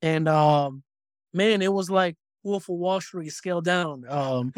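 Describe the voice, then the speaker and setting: A man in his thirties, a podcast guest, telling stories in a casual, animated way with frequent ums. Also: on the high side, slow pace, no echo, studio quality. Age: 30s. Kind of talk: casual storytelling chat.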